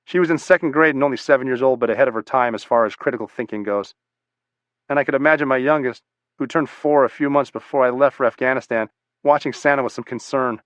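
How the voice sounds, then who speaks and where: A man narrating a first-person memoir audiobook in a steady, measured, matter-of-fact way. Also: mid-range voice, no room sound, lo-fi sound.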